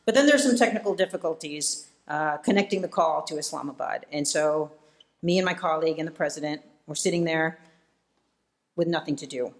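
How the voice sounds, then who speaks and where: A man from Iowa, a guest speaker giving a public lecture, relaxed and self-deprecating, with frequent "uh" fillers. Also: on the high side, brisk. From Iowa, United States. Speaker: guest speaker, policy fellow. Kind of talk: public lecture with personal anecdotes. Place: event hall before an audience.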